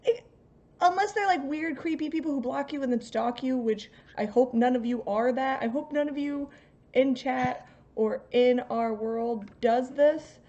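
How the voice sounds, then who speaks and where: A woman's voice: high voice, measured pace, a little mellow. Blunt woman with a dull lo-fi sound. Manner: blunt, scolding the chat. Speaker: stream host. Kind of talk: casual stream chat.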